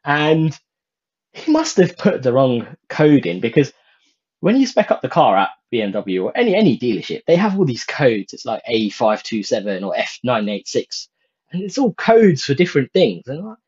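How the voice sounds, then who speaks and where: A man casually telling a personal story, animated and swearing when he gets worked up. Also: mid-range voice, normal speed, husky. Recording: dull lo-fi sound.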